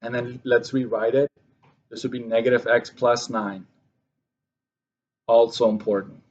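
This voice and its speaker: In a lo-fi recording, a man with a medium-pitched, darkish voice walks students through a math lesson at a measured pace and level tone. He explains each step as he writes, correcting himself along the way.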